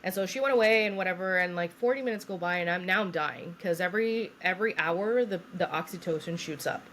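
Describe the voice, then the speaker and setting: Woman in her thirties, lowish voice, animated casual storyteller, faint room hum. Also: fast. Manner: animated storyteller acting out quoted people, laughs often. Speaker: podcast co-host.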